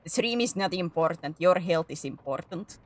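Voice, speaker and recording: A woman's voice: fairly low pitch, lively intonation, normal speed. A woman streaming a game, chatting casually with her viewers, giggly and self-mocking. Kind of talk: casual chat while playing.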